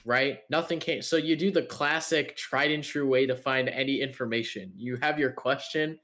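A young man in casual podcast chat tells a story with lots of energy, slang and swearing. His voice sits at an ordinary middle pitch. He laughs often between lines. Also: moderate pace, pushed and bright. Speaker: podcast co-host.

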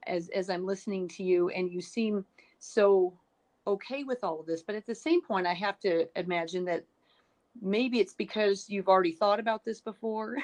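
In a medium-pitched, slightly mellow voice, a middle-aged woman hosts a podcast interview with a casual, chatty feel. She encourages her guest and thinks aloud, with many restarts along the way.

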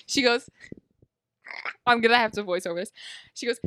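A woman's voice: fairly high pitch, normal speed, long pauses, fairly bright tone, clear, resonant tone, no room sound. A young woman co-hosting a podcast, chatting casually and telling stories dramatically with lots of "like". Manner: bubbly, dramatic storytelling with lots of "like". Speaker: podcast co-host. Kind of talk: casual chat.

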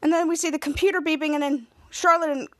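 A woman's voice: high voice, steady tone, quick pace, fairly bright tone. A woman podcast host rambling through a casual recap of a TV episode. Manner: rambling, repeats "cut to".

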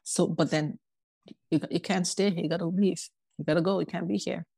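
A woman's voice: on the low side, brisk, vocal fry, slightly rough, no room sound. A woman, a podcast guest, telling her life story in casual talk and acting out the voices of people in it. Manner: animated, acts out quoted voices.

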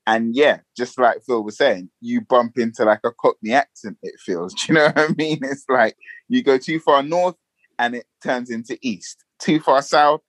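A man's voice: mid-range voice, normal speed, no echo. Rambling Northwest London man. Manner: rambling with many fillers and restarts. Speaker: podcast guest. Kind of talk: casual panel chat.

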